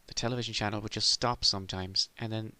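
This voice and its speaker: A man's voice: lowish voice, fairly even intonation, fast, bright, forceful tone. A middle-aged man from Ireland delivering a sardonic, rambling comic monologue as a podcast host.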